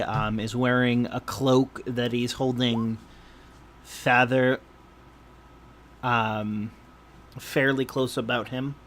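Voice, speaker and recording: A man in a middle-pitched voice runs a tabletop game at a slow, unhurried pace. He hesitates often and fills the gaps with fillers. Faint noise hangs behind him. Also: a bit bright. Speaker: game master.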